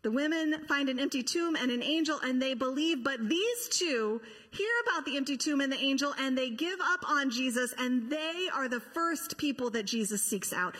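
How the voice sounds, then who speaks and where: High bright-voiced woman preaching in a hall. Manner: impassioned, rhetorical preaching with acted quotes. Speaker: pastor. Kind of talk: sermon.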